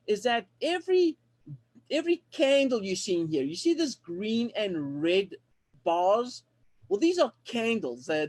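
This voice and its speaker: A man's voice: sits high, a little mellow. A man giving a screen-share trading tutorial. He explains step by step, checks in often with "all right?", and stops and restarts his phrases. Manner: halting with restarts and repeated words. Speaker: trading instructor.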